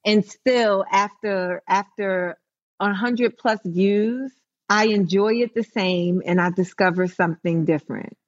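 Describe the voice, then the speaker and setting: A woman's voice: medium pitch, a little slow, muffled recording. A woman comedian, a guest on a podcast, chatting animatedly with many restarts. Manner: animated, full of likes and restarts. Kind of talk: casual interview chat.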